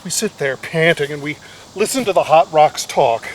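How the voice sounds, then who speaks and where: A man's voice: on the high side, animated, moderate pace, a little hiss or hum, poor audio. Middle-aged guy doing a funny monologue, wry and nervous, pokes fun at himself. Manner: wry, anxious, self-mocking. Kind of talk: comic storytelling monologue.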